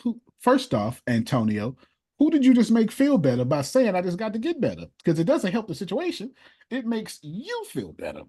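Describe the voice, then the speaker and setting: Animated husky-voiced male coach. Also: sits high, moderate pace. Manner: emphatic, preachy, repeats points for effect; casual, conversational grammar. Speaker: motivational speaker and business coach. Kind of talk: animated live coaching session.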